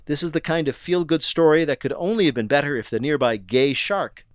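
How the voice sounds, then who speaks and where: A man hosting a news quiz, reading questions briskly and landing wry punchlines. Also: a little high, a little hiss or hum. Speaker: quiz show host.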